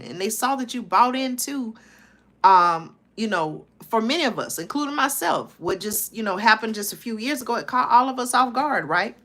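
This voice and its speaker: Woman, live stream host, urgent, repetitive, keeps asking "okay?", bright tense voice. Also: medium pitch. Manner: urgent, repeats herself, says "okay?" and "listen, y'all" often. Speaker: channel host. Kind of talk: live stream commentary reading news aloud.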